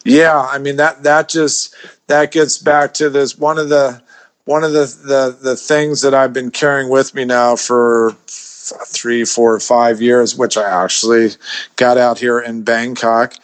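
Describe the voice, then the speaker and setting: A man's voice: mid-range voice, flat delivery, a little slow, smooth. A man telling a story as a podcast guest, rambling with lots of restarts and swearing freely. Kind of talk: casual storytelling chat.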